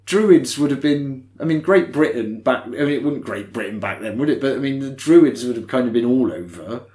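A man in casual podcast conversation, walking through a film's story in an easy, rambling way. His voice sits at an ordinary middle pitch. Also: lively intonation, fairly quick, mellow. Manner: chatty, retells scenes in quoted voices. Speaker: podcast co-host. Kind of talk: casual film-review chat.

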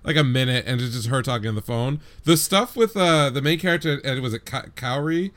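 A man's voice: medium pitch, brisk, a bit bright. A man co-hosting an anime podcast, casually talking through his reasoning point by point. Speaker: podcast co-host. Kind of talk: casual chat, anime review.

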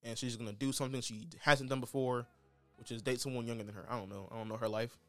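A man co-hosting a casual podcast, his pitch sitting right in the middle of the range. He talks in loose, rambling runs, full of restarts and shrugging hedges. The sound is close and dry, with faint music behind him. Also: fairly even intonation, fast, no echo. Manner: rambling, hedging, with frequent restarts. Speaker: podcast co-host. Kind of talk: casual chat recapping reality TV.

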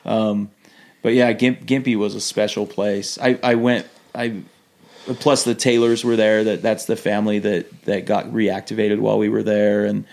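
A man guesting on a podcast, telling lively stories in an animated way, laughing often and restarting his sentences. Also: fairly low pitch, normal speed. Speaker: podcast guest, former missionary. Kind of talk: casual storytelling interview.

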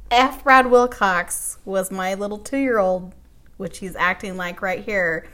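A woman's voice: medium pitch, slow, fairly bright tone. A woman co-hosting a podcast in casual chat, making sarcastic, mocking comments. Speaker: podcast co-host.

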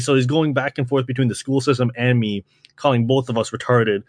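A young man from Canada hosting a podcast, telling stories in a casual chat, swearing often and acting out quotes in a higher voice. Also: steady tone, fairly quick, no echo, studio quality. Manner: laid-back, swears a lot, acts out quotes with a jump in pitch. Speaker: podcast host.

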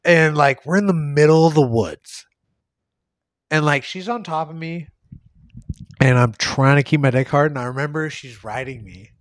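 A man's voice: fairly high pitch, normal speed, dry recording, clean studio sound. A young man hosting a podcast, telling a rambling, crude story full of swearing and acted-out quotes. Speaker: podcast host.

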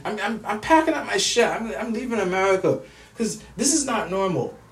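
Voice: medium pitch, animated, brisk. A vlogger in an angry personal rant, upset, stammering and repeating words, with heavy swearing. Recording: roomy echo, distant from mic.

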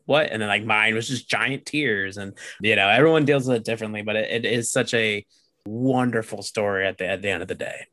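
A young man telling stories in a casual podcast chat, animated and full of fillers. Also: on the low side, a little fast, no room sound. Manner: animated storyteller, lots of "like". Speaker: podcast guest.

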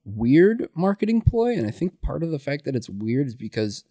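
A man's voice: a little high, big pitch swings, moderate pace, warm tone, no room sound, studio quality. A man co-hosting a podcast in casual chat, easygoing and agreeable, often restarting his sentences. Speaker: podcast co-host.

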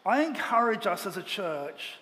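A pastor preaching a Sunday sermon with earnest, emphatic delivery, speaking in a church auditorium. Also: male voice, sits high, sing-song, moderate pace, sharp tone. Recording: long hall reverb, faint ambient noise.

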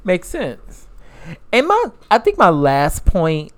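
A woman with a very low voice and a lively, swooping delivery. She lays out her theories analytically in casual podcast talk. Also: slow. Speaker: podcast co-host. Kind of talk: casual chat.

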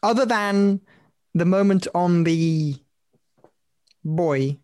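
A man's voice: high-pitched, very slow, darkish tone, no room sound, studio quality. A young man co-hosting a podcast, chatting casually and animatedly, laughing and swearing now and then. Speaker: podcast co-host. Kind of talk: casual chat.

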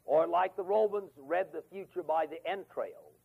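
Older man, folksy Bible teacher, husky, tinny warbly tape. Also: high-pitched, moderate pace. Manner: folksy storytelling, acts out quotes. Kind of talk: Bible lesson to a men's class.

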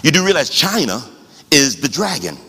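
A man preaching a sermon as pastor, talking conversationally with rhetorical questions and rising to shouts. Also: on the high side, very animated, normal speed, slightly rough, big-room sound.

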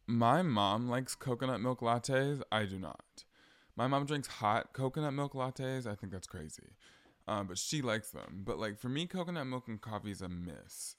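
A man's voice: medium pitch, dry recording. A young man with a Southern accent, chatting casually on his solo podcast with frequent ums and likes. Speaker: podcast host.

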